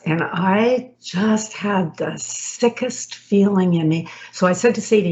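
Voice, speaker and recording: A woman's voice: on the low side, unhurried. Storytelling woman, slightly muffled. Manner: rambling with restarts, acting out quoted dialogue. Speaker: guest, co-founder of a sports league. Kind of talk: emotional personal storytelling.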